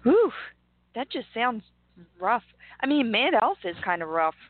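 A woman's voice: a little high, big pitch swings, dry recording. Laughing female co-host on a tinny line. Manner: laughs often, quick reactions. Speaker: radio co-host. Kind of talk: casual radio chat. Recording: tinny dry phone-like line.

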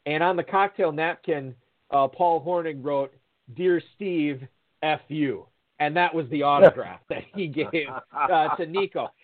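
A man's voice: on the high side, normal speed. A man telling a long, rambling anecdote with many fillers and restarts, acting out the people he quotes. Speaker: guest storyteller. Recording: phone-line audio.

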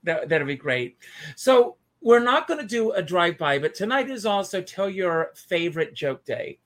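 Male host from South Carolina, bright and energetic, chatty and quick to laugh. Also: high voice. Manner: lively, chatty, laughs at his own jokes. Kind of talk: online talk show chat.

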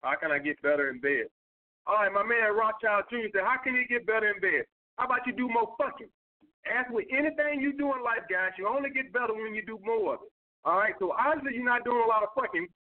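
Brief: high-voiced male host, blunt and cussing, thin phone-like audio. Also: expressive, fast talker. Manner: blunt, profane, emphatic. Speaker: host answering viewer questions. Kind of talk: casual livestream advice talk. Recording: tinny phone-like sound.

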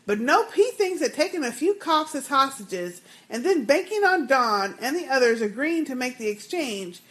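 A woman's voice: high voice, big pitch swings, moderate pace, fairly bright tone. A woman co-hosting a casual podcast, chatting and laughing as she reads listener emails aloud. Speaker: podcast co-host.

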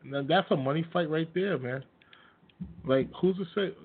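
A man's voice: fairly high pitch, moderate pace, husky. A man hosting his own radio show, ranting casually and bluntly about sports with plenty of profanity and scornful laughs. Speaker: host. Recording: tinny phone-like audio.

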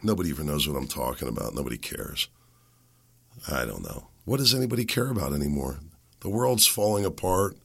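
A man hosting a podcast while sick and losing his voice. He rambles and makes sarcastic, muttered asides into a desk boom mic. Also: big pitch swings, fairly quick, creaky, a bit bright, slightly rough. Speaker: podcast host. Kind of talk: casual commentary monologue. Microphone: boom microphone on a desk.

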